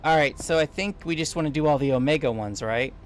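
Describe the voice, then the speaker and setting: A man playing a co-op game explains the puzzles over voice chat in a teasing, bossy manner, keeping it casual. His voice is fairly high and fast, with a little hiss or hum in the audio.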